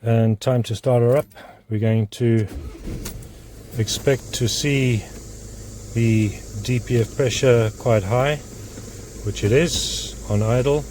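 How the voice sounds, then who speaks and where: A man's voice: medium pitch, steady tone, slow, long pauses, a little mellow, slight background noise. A man working as a mechanic, giving a hands-on how-to demonstration and explaining each step while he works under a car in a garage.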